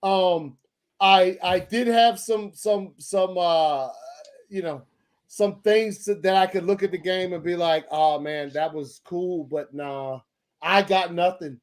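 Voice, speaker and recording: A man's voice: high voice, slow pace. A man co-hosting a sports podcast, ranting in a heated, profane way with many stammered restarts. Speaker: podcast co-host. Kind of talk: casual sports podcast rant.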